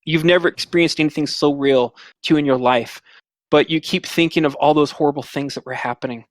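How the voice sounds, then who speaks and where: Game master, man, higher voice, rambling descriptive narration, dry sound. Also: fairly even intonation, brisk, no room sound. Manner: descriptive, filler-heavy narration.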